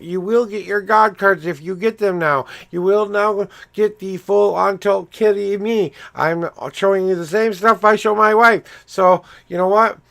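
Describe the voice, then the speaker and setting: A middle-aged man giving a casual livestream tarot reading, rambling and chatty as he talks straight to his viewers, his voice swinging up and down in pitch. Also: creaky, a bit bright. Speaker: tarot reader.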